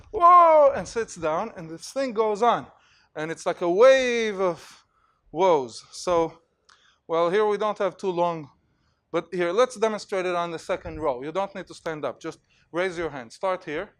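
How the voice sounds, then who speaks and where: A male university lecturer giving an animated lecture in a hall, telling stories and acting out examples with plenty of fillers. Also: high voice. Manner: animated storytelling, acts out cheers, many fillers.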